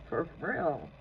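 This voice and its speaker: Blunt, profane tarot reader, lo-fi sound. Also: mid-range voice. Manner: blunt and profane, laughs often. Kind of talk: live tarot reading, casual advice. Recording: dull lo-fi sound with faint noise.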